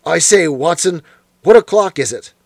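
A man reading aloud and voicing a dazed, opium-addled young gentleman who rambles plaintively. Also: fairly high pitch, lively intonation, normal speed, gravelly, husky, no room sound, full character voice. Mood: confused. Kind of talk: audiobook character voice.

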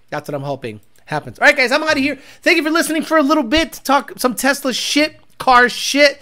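A man hosting a casual car talk rant, profane and animated, with bursts of Spanish mixed in. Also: very high voice, a little fast, few pauses. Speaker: car tuner and show host.

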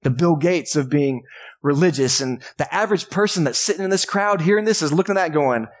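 A man's voice: fairly high pitch, a little fast. A man, a pastor, preaching a casual, joking sermon in a church and acting out voices from the crowd. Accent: Texan. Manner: conversational, jokey preaching with acted-out voices. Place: church sanctuary.

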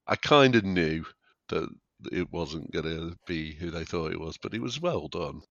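A man co-hosting a podcast chimes in with short, agreeable remarks that often trail off. His voice is low. The recording is dull and lo-fi, and dry, with no room echo. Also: animated, moderate pace, creaky, a bit bright. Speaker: podcast co-host. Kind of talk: casual chat about a TV show.

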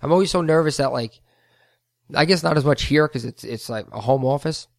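A man's voice: fairly high pitch, a little fast, creaky, no room sound, clean studio sound. A man hosting a podcast, telling a rambling story with heated asides. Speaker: podcast host, float center owner. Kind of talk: casual storytelling monologue.

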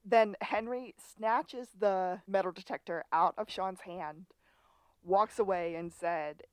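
A woman's voice: mid-range voice, fairly even intonation, slow pace, clear, resonant tone, no room sound. A woman co-hosting a podcast, walking through the episode's plot in casual chat. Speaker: podcast co-host.

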